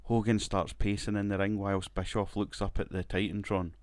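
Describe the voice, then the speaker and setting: A man's voice: on the low side, level tone, normal speed, no room sound. A man casually commenting on his wrestling management game, rambling, swearing and laughing now and then. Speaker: gaming video creator.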